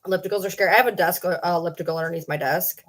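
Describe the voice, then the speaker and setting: A woman's voice: on the low side, steady tone, rapid-fire. Young woman, casual stream chat, rambling, self-deprecating jokes, at home. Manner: rambling, joking about herself.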